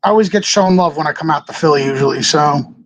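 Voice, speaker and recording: A man with a notably high speaking voice talks as a guest on an interview show. He rambles loosely through his stories and laughs often. He voices the other people in each scene as he goes. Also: fast talker, dry recording, rough recording. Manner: animated storyteller acting out what others said. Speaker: guest, pro wrestler. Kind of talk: casual interview storytelling.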